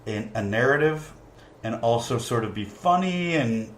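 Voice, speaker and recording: A man's voice: mid-range voice, expressive, a little slow. A man chatting casually as a podcast guest, easygoing and joking, laughing often. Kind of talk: casual chat. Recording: roomy with faint noise.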